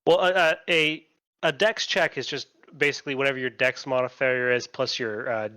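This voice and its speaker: A man narrating as dungeon master in an online tabletop game, halting and full of fillers. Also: medium pitch, steady tone, pushed and bright, clear, resonant tone.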